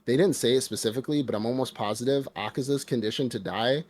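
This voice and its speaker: A man co-hosting a podcast, casually retelling a film scene by scene in slangy talk and slipping into quick character voices. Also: medium pitch, a little mellow. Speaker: podcast co-host. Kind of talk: casual chat recapping a film.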